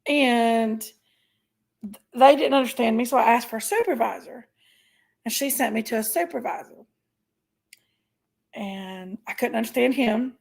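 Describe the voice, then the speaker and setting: High gravelly woman venting. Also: a little slow, long pauses, darkish tone. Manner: chatty storytelling, venting, thanks viewers. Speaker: livestream host. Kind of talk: casual livestream chat.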